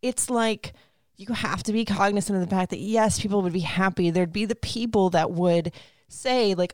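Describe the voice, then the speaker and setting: A woman's voice: mid-range voice, normal speed, darkish tone, no room sound, clean studio sound. A woman hosting a casual interview, talking in an effusive, heartfelt way. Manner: emotional, effusive reactions. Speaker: podcast host.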